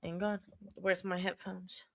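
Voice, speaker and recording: Chatty woman with a lowish voice. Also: flat delivery, unhurried, vocal fry, no room sound. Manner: rambling, reads viewer comments aloud and chats back; chatty and self-deprecating. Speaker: livestream host. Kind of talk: casual livestream chat.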